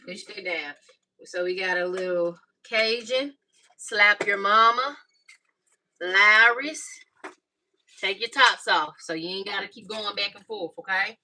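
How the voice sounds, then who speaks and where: This cooking vlogger talks viewers through a recipe at a moderate pace, her mid-range voice carrying a sharp edge. She keeps it casual from her home kitchen, tossing out "y'all" and "baby," and the slightly distant mic catches faint noise.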